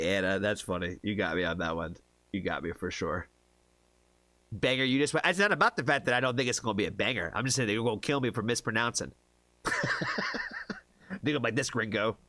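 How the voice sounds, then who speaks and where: A man's voice: lowish voice, expressive, quick pace, bright, forceful tone, dry recording. A man from the United States hosting a casual livestream, chatty, laughing often and tripping over hard names. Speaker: livestream reaction host.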